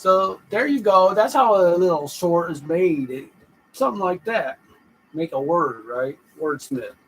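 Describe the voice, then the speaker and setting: Man muttering through rhyme drafts, slow. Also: sits high, animated, a bit bright, husky, rough recording. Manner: muttering drafts, repeating lines, sudden emphatic bursts. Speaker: podcast host writing rhymes. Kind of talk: thinking aloud while writing lyrics.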